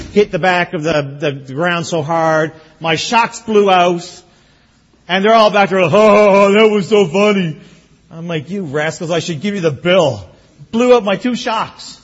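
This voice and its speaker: A man preaching a sermon as pastor, telling folksy personal stories in an animated way. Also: high voice, husky, dull audio. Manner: folksy storytelling, animated when recounting.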